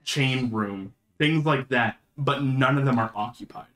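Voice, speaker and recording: A man's voice: medium pitch, measured pace. A man serving as game master for a tabletop game, laying out scenes in a loose, casual way full of fillers. His voice sits in a middle range, and the recording has a noticeable roomy echo around it. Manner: relaxed, casual, filler-heavy description.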